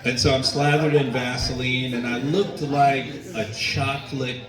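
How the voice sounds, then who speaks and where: A male stand-up comedian works through a set of slow, deliberate stories, pausing for laughs from the live crowd at a comedy venue. His medium-pitched voice keeps a level tone. Captured from afar in an echoey, noisy room, the clip carries laughter and ambient room sound.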